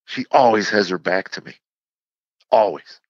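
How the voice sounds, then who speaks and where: Low gravelly guy, comedian guest, halting reflective storytelling, dull lo-fi sound. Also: no echo. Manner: halting and reflective, with frequent restarts and repeated words. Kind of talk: candid personal storytelling in an interview.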